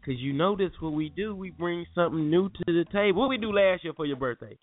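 A man's voice: sits high, lively intonation, quick pace. A man hosting a morning talk show, chatting loosely and full of slang. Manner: loose, slangy, repeats words. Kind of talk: casual radio chat. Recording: tinny phone-like sound with music.

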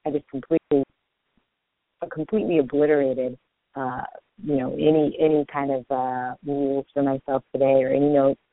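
A man hosting a spiritual radio show, talking fast and earnestly off the top of his head in a long monologue. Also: medium pitch, little pitch movement, no echo. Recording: tinny phone-line sound, dry.

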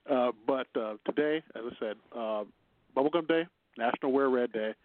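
A man's voice: mid-range voice, normal speed, dry recording. A man from Chicago with a Chicago accent, hosting a radio show in casual banter, rambling and laughing often. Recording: phone-line internet radio.

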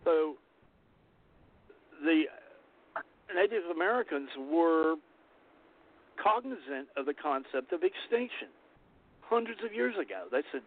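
A man's voice: on the high side, sing-song, slow, long pauses. A man hosting a casual interview chat, talking earnestly and rambling with restarts. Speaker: interview host. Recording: tinny phone-like line.

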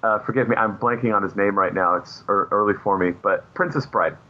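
A man's voice: on the low side, a little fast, muffled recording. A man who is a comic book artist, a guest chatting casually and rambling with many fillers. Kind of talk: casual chat.

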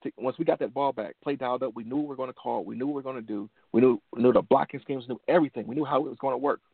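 A gravelly-voiced man from Detroit tells a personal story in an earnest, motivational way, circling back on key phrases. The sound is dry and narrow, like a phone line, with no room around him. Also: mid-range voice, very fast, dry recording. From Detroit, USA. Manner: earnest, repeats phrases for emphasis. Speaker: motivational show host.

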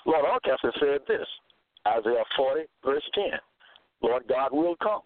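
A man's voice: mid-range voice, lively intonation, unhurried, no room sound. A man reading scripture verses aloud and then interpreting them, repeating key phrases for emphasis. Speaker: self-styled religious teacher. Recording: thin phone-like dry sound.

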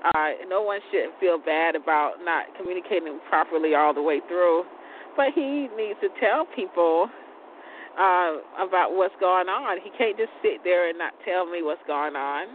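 A woman's voice: lowish voice, normal speed, a little hiss or hum. Stammering woman on a tinny phone line. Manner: stammering, repeats words, chatty and frank; laughs often. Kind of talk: casual monologue on a call-in show.

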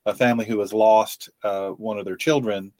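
A man hosting a faith-based podcast, talking earnestly with frequent restarts and pauses. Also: on the low side, fairly even intonation, darkish tone, no room sound. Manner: earnest, halting with many restarts. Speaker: podcast host.

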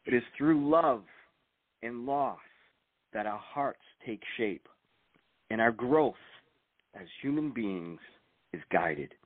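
The guest author's medium-pitched voice is expressive, with no echo, carried on a tinny, dry line resembling a phone. Older and retired from work as an agent, he reads from his book and talks reflectively in a soft, halting manner full of restarts.

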